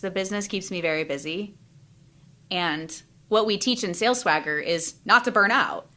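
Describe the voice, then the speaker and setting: A woman in her thirties, a life and business coach, talking openly and emotionally in an interview, with quick bursts of speech and many fillers. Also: medium pitch, bright, forceful tone. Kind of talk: candid interview conversation.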